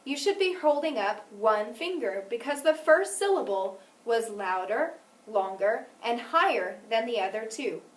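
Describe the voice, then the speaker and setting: A woman teaches a phonics lesson in a clear, deliberate manner and stresses each example word as she says it. Her voice sits a little high and moves up and down a lot. The sound is roomy and echoing, picked up from some distance off the mic. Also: expressive. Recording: echoey room, mic at a distance.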